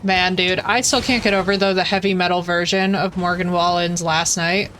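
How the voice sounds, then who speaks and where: A young woman streaming live, chatting casually with her audience in an excitable, playful way. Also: lowish voice, normal speed, a little hiss or hum.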